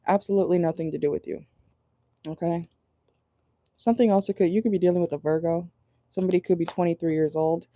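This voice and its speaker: Woman tarot reader, casual and blunt, low dark voice, dry close sound. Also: fairly even intonation, fast, long pauses, no room sound. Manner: chatty, laughs often, blunt and crude. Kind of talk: casual channeled tarot reading.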